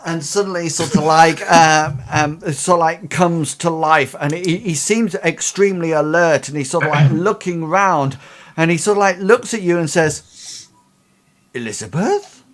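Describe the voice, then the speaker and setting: A man's voice: a little high, fairly even intonation, unhurried, fairly bright tone. A man acting as game master for a tabletop role-playing game. He narrates the scene loosely, padding his sentences with ums and "sort of, like" as he goes. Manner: rambling, filler-heavy narration.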